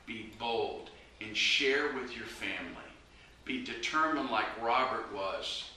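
A man's voice: medium pitch, takes it slowly, pushed and bright. A man preaching a personal testimony, earnest and urgent as he exhorts his listeners. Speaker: evangelist preacher. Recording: very echoey room, mic far off, faint noise.

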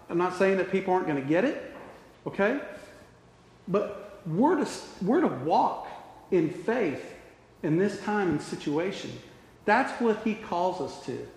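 A man preaching a sermon with passion, shifting between loud emphasis and hushed, quiet tones. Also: high voice. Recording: echoey hall.

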